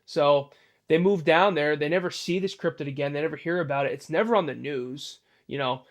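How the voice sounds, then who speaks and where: Male storyteller host, slightly higher voice, casual rambling delivery with fillers. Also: brisk. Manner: loose, rambling, many fillers and restarts.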